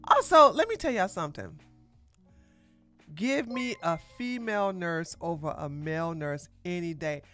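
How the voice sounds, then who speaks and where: A woman hosts a livestream podcast in loose, casual commentary, her bright voice swinging widely in pitch. She takes her time, laughs easily and gives blunt opinions, pausing to thank viewers for donations. Faint music plays underneath. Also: lively intonation. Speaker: podcast host.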